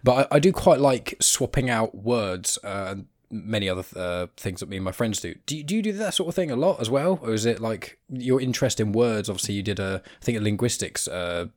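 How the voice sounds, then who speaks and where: A young British man in his twenties chats quickly as an interview host, his voice sitting a little low. He rambles and hesitates, filling gaps with ums and likes as he works toward his questions. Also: animated, a little mellow. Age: 20s. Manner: rambling, hesitant, many fillers. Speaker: podcast host. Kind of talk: casual interview chat.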